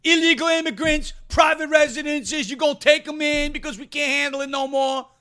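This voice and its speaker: A man doing a loud, mocking impression of a big-city mayor, speaking in clipped slangy grammar. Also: very high voice, steady tone, fairly quick, pitched above the performer's own voice. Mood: bragging. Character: brash shouting big-city male mayor.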